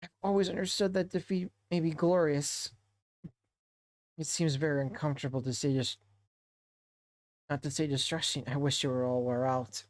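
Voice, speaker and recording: Man doing an anxious storybook hobbit, pitched up, lamenting, dry close sound. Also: fairly even intonation, normal speed, pauses often, no room sound, natural voice. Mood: fretful lament. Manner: fretful, lamenting. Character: anxious, gloomy hobbit, small male adult. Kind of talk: reading a novel aloud.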